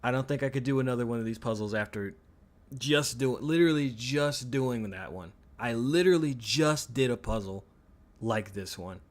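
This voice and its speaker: A man with a medium-pitched voice at normal speed streams a video game, giving live commentary. He rants in frustration, swears heavily, repeats himself and keeps trailing off into restarted sentences.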